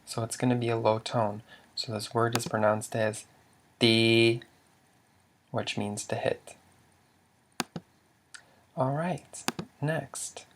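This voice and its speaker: Brief: male language teacher with a mid-pitched voice and vocal fry, talking over slides in a measured way with frequent restarts. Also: slight background noise. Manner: measured, stops to restart words, asks then answers questions. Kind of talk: narrated slide lesson.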